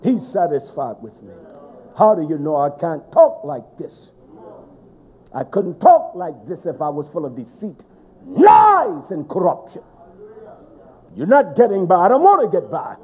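A middle-aged man preaching a fiery sermon, swinging between shouts and hushed, low passages. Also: animated, a little slow, long pauses, breathy edge.

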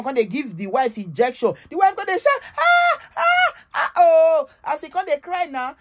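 A woman with a Nigerian Pidgin English accent telling gossip in an animated, emphatic way, often tagging her sentences with "oh". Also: high-pitched. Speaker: gossip vlogger. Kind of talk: casual gossip storytelling.

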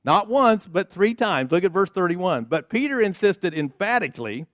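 Male pastor, high voice, emphatic rhythmic preaching, congregation call-outs, dry close sound. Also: sing-song, normal speed, a bit bright, no echo. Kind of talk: sermon. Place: church sanctuary.

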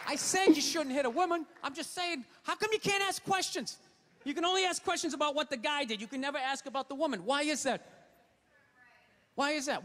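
A man's voice: very high voice, a bit bright. A man performing a stand-up comedy routine, ranting through a profane, exasperated story.

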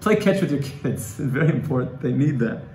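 A man's voice: medium pitch, expressive, brisk, a little mellow. A man giving a Torah class, emotional and pleading at times, quoting Hebrew and Aramaic texts. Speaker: Torah teacher. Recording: echoey room with faint ambient noise.

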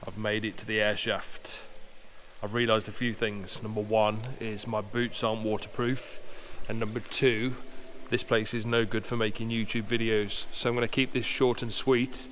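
A man from the Black Country narrating a casual photography vlog in a relaxed, matter-of-fact way while working inside a dark, wet canal tunnel. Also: lowish voice, moderate pace, a little hiss or hum. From Black Country, England. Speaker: photography vlogger.

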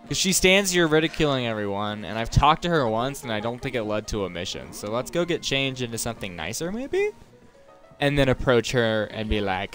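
A man's voice: medium pitch, sing-song, a little fast, a bit bright, soft background music. Chatty young man narrating gameplay. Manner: chatty, rambling, self-talking while playing. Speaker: gaming streamer. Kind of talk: casual let's-play commentary.

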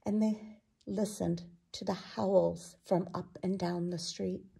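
Woman storyteller, children's read-aloud, husky voice. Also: mid-range voice. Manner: expressive, unhurried storytelling. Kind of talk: picture book read-aloud.

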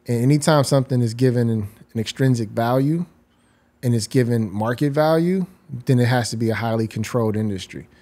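A man's voice: medium pitch, a little fast, warm tone. A man in his forties, a guest designer, explaining his views at length in an interview. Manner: articulate, explains ideas at length. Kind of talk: reflective interview talk.

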